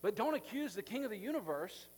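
A man, a pastor, preaching a sermon in a conversational, animated way, acting out the scenes he describes. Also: high-pitched, quick pace, slightly rough.

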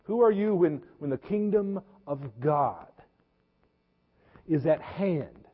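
Husky-voiced preacher in an echoey hall. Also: male voice, a little high, expressive. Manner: earnest preaching with repeated words and slow emphasis. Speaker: pastor. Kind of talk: sermon. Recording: echoey hall, dull lo-fi sound.

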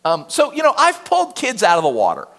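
A man preaching a sermon in an animated, emphatic, conversational way, often turning to the listeners with questions. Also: high-pitched, fast talker. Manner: animated, emphatic, conversational with frequent rhetorical asides.

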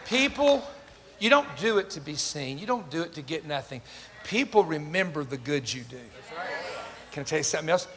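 Older preacher man, high lively voice, swoops up for the quotes, echoey church hall with a faint hum. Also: normal speed. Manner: animated, acts out quoted voices, jokes with the congregation. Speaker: pastor. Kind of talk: sermon with storytelling. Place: church sanctuary. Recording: reverberant hall with faint ambient noise.

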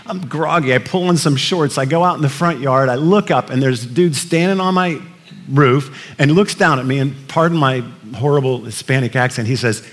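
A pastor giving a conversational sermon, telling stories with many fillers and restarts. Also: male voice, mid-range voice, fairly quick. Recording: long reverb of a large hall.

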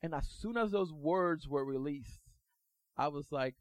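A male pastor preaching a sermon, retelling a personal story in an animated way and acting out the quotes. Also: fairly high pitch, unhurried, no echo, low-quality recording.

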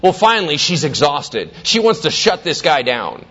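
Animated high-voiced preaching man. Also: moderate pace, lo-fi sound. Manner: animated storytelling, acting out voices. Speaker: pastor. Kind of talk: sermon.

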